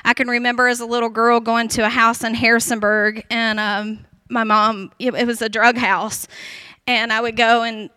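A woman's voice: a little high, flat delivery, moderate pace, bright, forceful tone, clean tone, dry recording. A woman, praying fervently and then sharing her personal testimony, emotional and close to tears at times. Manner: repetitive fervent prayer cadence. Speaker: guest speaker sharing testimony.

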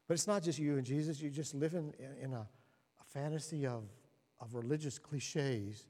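A man preaching a sermon, moving from quiet and solemn to animated storytelling. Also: moderate pace. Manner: animated storytelling, rising to excited, laughing highs. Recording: long reverb of a large hall.

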